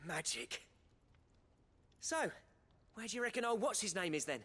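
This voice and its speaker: An actor playing a cheerful, cheeky young game companion who talks in a chatty, teasing way. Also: male voice, sits high, very animated, moderate pace, fairly bright tone, slightly rough, full character voice. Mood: cheery.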